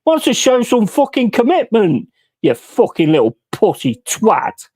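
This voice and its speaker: A man's voice: high voice, wildly swooping pitch, measured pace, a little mellow, slightly rough. A man hosting a football watch-along, ranting furiously with heavy swearing about refereeing decisions. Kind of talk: live football reaction commentary.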